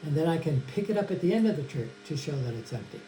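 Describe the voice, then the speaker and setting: A man's voice: fairly high pitch, sing-song, fast, warm tone. A man casually teaching a magic trick, chatting and addressing an imagined audience of kids. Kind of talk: casual tutorial demonstration. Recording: echoey room with mains hum.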